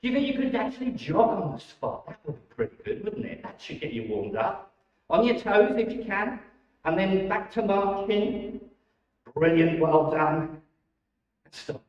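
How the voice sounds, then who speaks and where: A man leading children through warm-up exercises at a church holiday club, enthusiastic and encouraging, in a church hall. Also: sits high, very animated, a little slow. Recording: echoey, dull sound from a distant mic.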